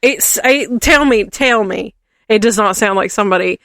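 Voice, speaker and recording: Animated Southern woman podcast host. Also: mid-range voice, normal speed, no room sound, studio quality. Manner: laughing, teasing and animated. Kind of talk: casual chat.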